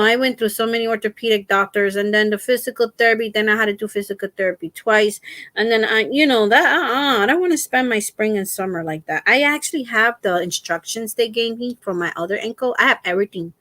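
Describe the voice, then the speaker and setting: A woman's voice: fairly high pitch, fairly bright tone, no room sound. Chatty middle-aged woman live-streaming at home. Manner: chatty, laughs often while telling stories. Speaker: crochet channel host. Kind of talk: casual live-stream chat. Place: at home, lying down with feet raised. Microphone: laptop.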